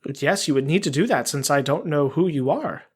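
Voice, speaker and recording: A man's voice: on the high side, animated, a little fast, slightly rough. A man playing a tabletop game casually, plainly describing his character's actions. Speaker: player.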